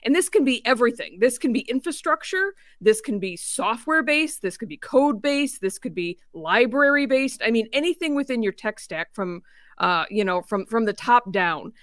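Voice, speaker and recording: A woman on a discussion panel, speaking in a steady mid-range voice. She explains carefully and stacks up examples one after another, and the sound is close and dry. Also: fairly high pitch, normal speed, no room sound. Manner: thoughtful, explains by listing examples. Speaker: guest, healthcare engineering executive.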